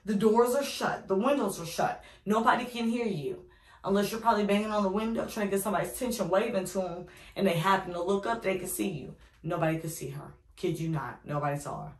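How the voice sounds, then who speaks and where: A young adult woman telling a casual story to her viewers, animated and sassy, with slang, calling them y'all. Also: medium pitch, fast. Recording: roomy echo.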